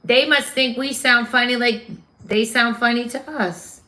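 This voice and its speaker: A woman's voice: a little high, steady tone, unhurried, bright, forceful tone. Woman, New York accent, livestream host, chatty, answers viewer comments. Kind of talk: casual livestream chat reading viewer comments.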